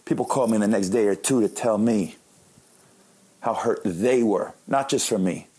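Husky-voiced comedian in his late thirties. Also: on the low side, normal speed, dark tone. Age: late 30s. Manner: joking, self-deprecating. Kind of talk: comic storytelling monologue.

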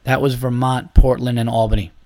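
Animated, profane man hosting a podcast. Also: medium pitch, brisk, dry recording, studio quality. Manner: animated storyteller, acts out quotes, swears. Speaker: podcast host. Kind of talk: casual chat.

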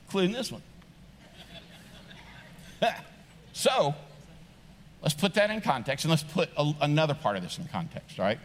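A man's voice: fairly high pitch, wildly swooping pitch, moderate pace, pauses often, slight background noise. A middle-aged man preaching a sermon as pastor, conversational and joking, building to emphatic rising points. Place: large church sanctuary. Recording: long reverb of a large church hall.

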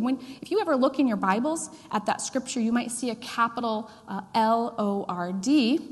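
A woman with a fairly high voice preaches a sermon in an animated, conversational way, tossing asides to the congregation, with long hall reverb on the recording.

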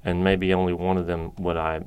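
A man's voice: low-pitched, little pitch movement, brisk, a little mellow, clear, resonant tone. A man co-hosting a podcast, telling a rambling story with crude jokes and lots of fillers. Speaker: podcast co-host. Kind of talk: casual chat.

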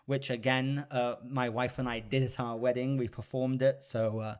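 A man's voice: medium pitch, level tone, moderate pace. A man co-hosting a casual podcast chat, talking with enthusiasm and acting out lines from film scenes. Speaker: podcast co-host.

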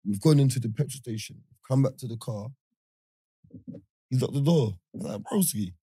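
A man telling animated stories in casual chat, sometimes slipping into a put-on Jamaican accent for effect. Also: medium pitch, normal speed, breathy edge, dry recording. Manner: animated storyteller, slips into a fake Jamaican accent.

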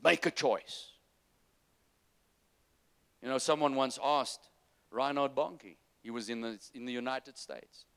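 A man preaching a sermon, moving between loud, urgent exhortation and soft, low-voiced asides to the congregation. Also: steady tone, moderate pace, clean tone. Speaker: pastor.

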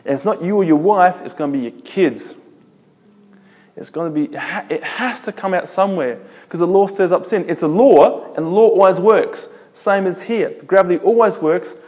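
A man's voice: sits high, normal speed, darkish tone. Emphatic man preaching in a reverberant hall. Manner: emphatic, repetitive preaching with rhetorical questions. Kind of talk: sermon. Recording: long reverb of a large hall.

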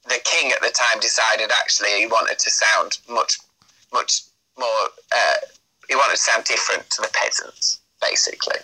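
A man's voice: medium pitch, pushed and bright, low-quality recording. A man chatting as an interview guest, rambling with many fillers and restarts. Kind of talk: casual interview chat.

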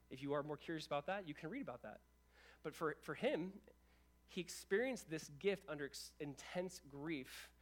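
A man preaching a sermon as pastor, earnest and conversational, with restarts and casual fillers, dropping to hushed passages and rising to emphatic ones. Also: on the high side.

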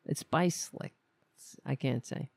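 A woman's voice: extremely low pitch, measured pace, creaky, a little mellow, no room sound. A woman hosting a live political commentary stream, ranting with scorn and stumbling over her words.

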